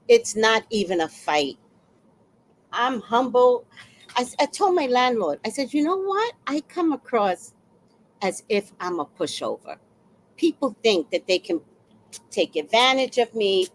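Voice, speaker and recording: A woman in her sixties telling a story on a casual livestream, blunt and fiery, with sudden loud outbursts. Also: medium pitch, a little hiss or hum. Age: 60s.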